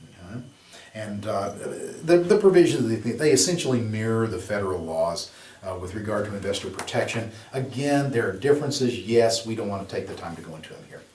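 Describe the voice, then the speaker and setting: A male exam prep instructor with a lowish, slightly mellow voice and lively intonation lectures briskly in a loose, rambling classroom style full of asides, fillers, and rhetorical questions. He's recorded from a distance, with room echo and slight background noise.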